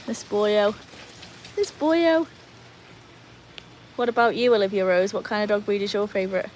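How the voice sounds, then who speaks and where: A woman's voice: medium pitch, steady tone, fast, a little hiss or hum, rough recording. A British woman, hosting a casual livestream from home, chatting with viewers and her dogs. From Britain. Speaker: livestream host.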